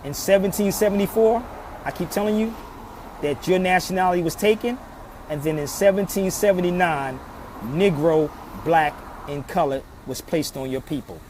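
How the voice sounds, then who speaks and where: A man from Philadelphia lectures in the open air, earnest and insistent, circling back to the same pleas again and again. His voice sits a little on the high side. City traffic rumbles clearly behind him. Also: moderate pace, darkish tone. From Philadelphia, USA. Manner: emphatic and preachy, repeating pleas. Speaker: social media commentator. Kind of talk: impassioned street monologue. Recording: outdoor traffic noise.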